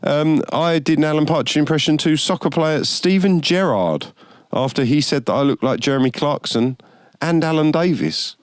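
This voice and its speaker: A man's voice: a little high, normal speed, no room sound. A British man chats casually as host of an online stream. He rambles through his anecdotes and laughs as he goes. The recording is dry, with no room sound. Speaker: band member hosting a stream. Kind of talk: casual chat.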